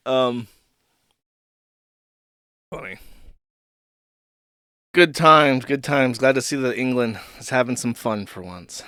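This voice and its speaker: A man's voice: a little high, lively intonation, unhurried, long pauses, fairly bright tone, no room sound, studio quality. A man hosting a live stream, reading posts aloud and commenting sarcastically, with frequent laughs.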